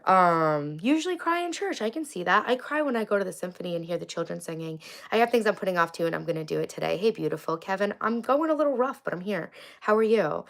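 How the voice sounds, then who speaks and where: A woman's voice: medium pitch, expressive, quick pace, gravelly, few pauses, fairly bright tone. A woman hosting a casual livestream, teary and crying on and off, talking candidly and reading viewer comments aloud. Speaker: livestream host.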